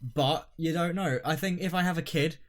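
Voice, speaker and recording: A man's voice: a little high, normal speed. A man co-hosting a podcast in casual chat, talking with fillers and frequent laughs. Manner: chatty, laughs often, hesitant fillers. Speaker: podcast co-host.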